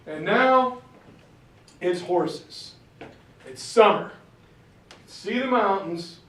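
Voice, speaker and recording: Casual male history storyteller, high voice, roomy hall sound. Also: recorded from a distance. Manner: acts out characters in quick voices, casual slang. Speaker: speaker giving a history talk. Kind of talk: animated storytelling lecture.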